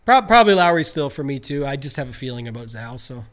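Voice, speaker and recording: A man co-hosting a casual podcast, weighing golf betting picks in a measured, analytical way. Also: mid-range voice, very animated, fairly bright tone. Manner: measured, analytical, hesitant restarts.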